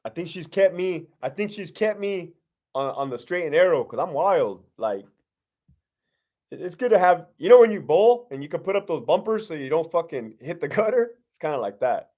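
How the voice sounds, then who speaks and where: A middle-aged former prison lieutenant with a fairly high, slightly mellow voice reads out viewers' questions during a loose live stream. His delivery is sing-song and moderately paced, his answers blunt, sweary, and laced with street slang.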